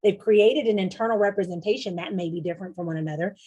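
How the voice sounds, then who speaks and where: A young adult woman coach giving a casual, animated teaching talk, acting out little inner voices as she explains. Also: medium pitch, fast talker, slightly rough, highs cut off. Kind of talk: teaching presentation.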